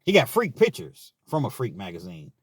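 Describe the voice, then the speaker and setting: A man's voice: on the low side, huge pitch swings, normal speed, husky, dry recording. A man from Kentucky telling stories from his time in prison, in a laid-back, frank way and often tagging his sentences with "man.". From Richmond, Kentucky, US. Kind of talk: casual storytelling monologue.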